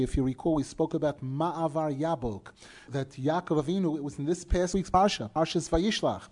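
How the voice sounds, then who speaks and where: A man delivers a Torah class lecture in a mellow, dark-toned voice pitched slightly high. He works through his explanation patiently, stressing key words and asking rhetorical questions. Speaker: Torah teacher.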